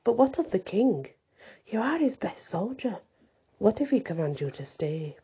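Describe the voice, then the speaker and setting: A woman's voice: mid-range voice, sing-song, moderate pace, dark tone, husky, highs cut off. A woman reading as an old peasant uncle. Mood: probing. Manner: plain, searching questions.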